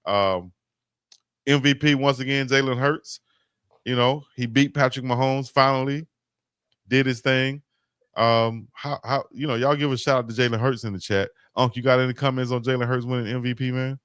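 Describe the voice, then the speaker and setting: A man hosting a live stream, chatting casually about sports with lively, playful arguing. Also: medium pitch, moderate pace, smooth, no echo, studio quality.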